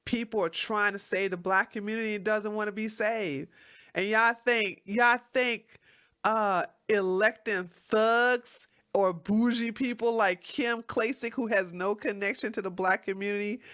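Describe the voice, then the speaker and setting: A woman with a mid-range, fairly bright voice hosts a livestream, ranting heatedly and bluntly with plenty of profanity. Every so often she stops to read viewer comments aloud.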